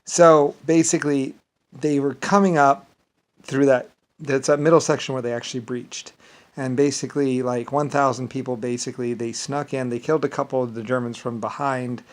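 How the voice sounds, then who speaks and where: Rambling man, halting and repetitive. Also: mid-range voice, fairly even intonation, poor audio. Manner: rambling, repeats "basically", halting restarts. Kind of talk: rambling casual monologue.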